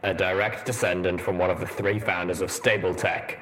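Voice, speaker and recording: A gruff armored pony soldier from an audio storybook, played by a man, his voice deep and rumbling with a very low pitch. He lays out every point in a dry, measured deadpan, with a faint hiss behind him.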